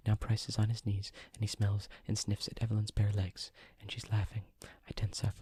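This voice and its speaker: A man reading a novel aloud as a whispered role-play, in a hushed, even manner. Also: on the low side, moderate pace, hardly any pauses, a little hiss or hum. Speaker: audiobook reader.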